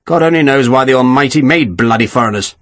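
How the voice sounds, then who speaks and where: A man's voice: mid-range voice, quick pace, no room sound, natural voice. A man voicing an irascible, profane older Welsh general who blusters and scorns. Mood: furious.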